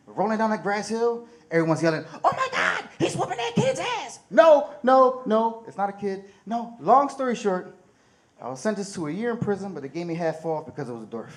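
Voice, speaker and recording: Lively, high-voiced man doing stand-up. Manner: animated, profane, acting out voices. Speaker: stand-up comedian. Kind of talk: stand-up comedy storytelling. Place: comedy show stage.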